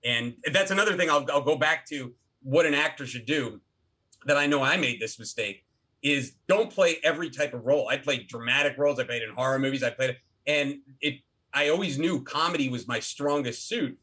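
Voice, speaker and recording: Animated, bright-voiced man telling stories. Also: mid-range voice, a little fast, breathy edge. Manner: animated storyteller with many restarts. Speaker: guest, actor and filmmaker. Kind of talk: casual interview talk.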